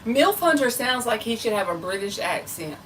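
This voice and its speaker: A woman's voice: on the high side, sing-song, normal speed, a bit bright, far from the mic, a little hiss or hum, low-quality recording. A woman tarot reader chatting casually and rambling on a live stream, talking straight to her viewers. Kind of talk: casual livestream chat.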